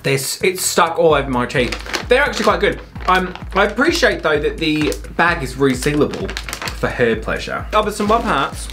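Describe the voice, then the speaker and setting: A man's voice: fairly high pitch, very animated, normal speed, over music. Camp, sweary British drag queen. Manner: camp, sweary, giggly banter. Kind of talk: casual chat.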